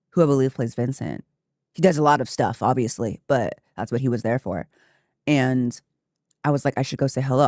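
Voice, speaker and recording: A woman streamer chatting casually with her viewers, telling a story with lively asides and laughter. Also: very deep voice, no echo, studio quality.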